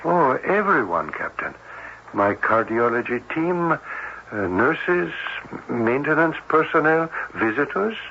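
A formal, hesitant doctor on old radio. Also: male voice, medium pitch, big pitch swings. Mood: grave. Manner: formal, measured, hesitant; avoids contractions. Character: formal, cautious male cardiologist. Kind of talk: old-time radio drama acting. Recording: dull old radio broadcast with faint hiss.

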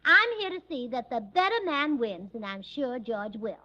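A woman's voice: fairly high pitch, big pitch swings, moderate pace, pushed and bright. A woman in a 1940s radio comedy with a sweet, scatterbrained, chirpy delivery. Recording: dull vintage radio broadcast with faint hiss.

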